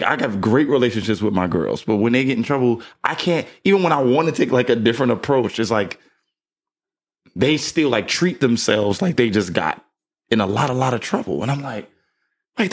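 A man co-hosting a podcast, musing in a casual chat and often tagging thoughts with "right?". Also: medium pitch. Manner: relaxed, musing, with frequent "like" and "right?" tags. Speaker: podcast co-host, father.

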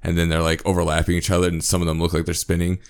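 A man with a very deep voice talks loosely in a relaxed podcast chat. He rambles, circles back on himself and grows heated when something confuses him. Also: very fast, clean tone. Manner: rambling, restarts often, gets worked up when frustrated. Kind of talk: casual chat.

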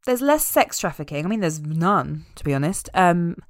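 A woman chatting casually as a podcast co-host, animated and amused as she recaps a film. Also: fairly low pitch, moderate pace, no echo, studio quality. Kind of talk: casual chat.

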